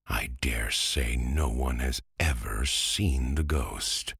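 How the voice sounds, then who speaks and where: A man's voice: very deep voice, slow, vocal fry, a bit bright, breathy edge, dry recording, studio quality, full character voice. A man voicing a lead ballerina trying to seem brave, in a bedtime story reading. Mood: wary.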